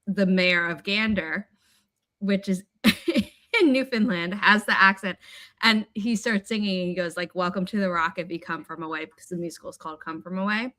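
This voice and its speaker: A woman hosting a writing livestream, chatting casually and telling rambling, animated stories. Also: mid-range voice, dry recording. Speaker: writing sprint host.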